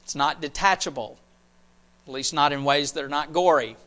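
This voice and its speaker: A man preaching a sermon, animated, repeating phrases and dropping almost to a whisper for emphasis. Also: a little high, normal speed. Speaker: pastor.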